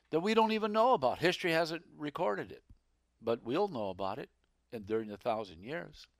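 A man preaching a sermon, dramatic, swinging from hushed lines to emphatic outbursts. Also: fairly high pitch, no echo, studio quality.

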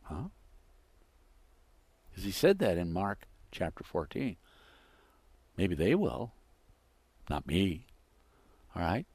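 A low-pitched man delivers a sermon with dramatic swings in volume, acting out the lines of the people he quotes. The sound is dry and close, with no room echo. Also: sing-song, slow, pauses often, breathy edge. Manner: dramatic, acts out quoted dialogue with wide swings in loudness. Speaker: preacher.

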